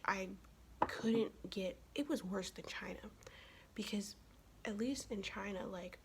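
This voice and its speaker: In an ASMR video, a sick young adult vlogger whispers softly while getting ready, chatting casually and swearing freely. Her whisper stays at an ordinary pitch, with faint noise humming beneath it.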